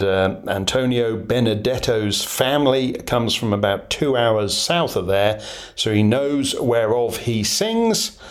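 A man hosting a radio show, talking in a wry, conversational monologue with chuckles and asides. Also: mid-range voice. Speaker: radio host. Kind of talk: spoken commentary monologue.

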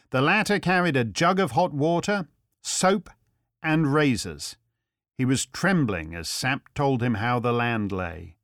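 An audiobook narrator reads a novel told in the first person, with measured, expressive storytelling. His voice is mid-range, and the recording is dry and studio quality.

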